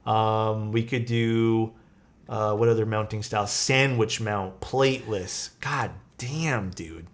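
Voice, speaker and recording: A man streaming live, casually chatting with his viewers and answering their questions while he works on a build. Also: medium pitch. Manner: relaxed, chatty, reads and answers chat while working. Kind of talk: casual livestream chat.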